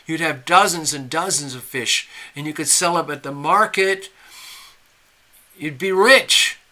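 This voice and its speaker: A man's voice: fairly high pitch, moderate pace, pushed and bright. A man voicing a pushy, eager male stranger who insists in a persuading, salesman-like way, told in a casual spoken parable.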